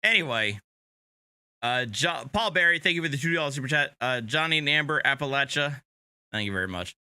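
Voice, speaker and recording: A man chatting on his stream in a relaxed, joking way after a few beers. His voice is bright and clean, and the room sounds dry and close. He sits near the mic. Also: mid-range voice, fairly quick, smooth, dry recording. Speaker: streamer host. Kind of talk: casual live-stream chat.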